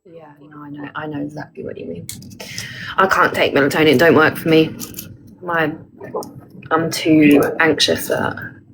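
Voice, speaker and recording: A woman with a gravelly, fry-edged voice talks on a phone call. She chats frankly and reassures her friend, with a little faint background hiss. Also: low voice, little pitch movement, normal speed, pauses often. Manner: warm, reassuring, chatty and frank. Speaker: supportive friend. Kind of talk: casual chat.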